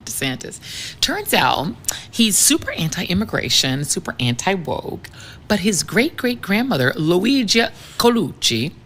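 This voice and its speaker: A woman's voice: fairly low pitch, very animated, measured pace, a bit bright. A woman commentator speaking with scorn and mockery, in a played broadcast clip. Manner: scornful, mocking. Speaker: television commentator.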